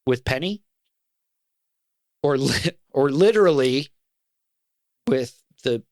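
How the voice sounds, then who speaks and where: A man's voice: mid-range voice, slow, long pauses, no echo, clean studio sound. A middle-aged man in casual podcast conversation, speaking in an earnest, reflective way. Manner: earnest and reflective, talks about fatherhood with feeling. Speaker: podcast co-host.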